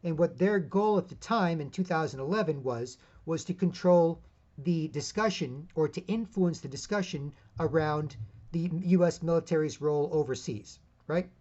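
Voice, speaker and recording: A man's voice: fairly high pitch, normal speed, a little mellow, muffled recording. A man hosting his own independent media show, giving a rambling, emphatic solo commentary full of asides.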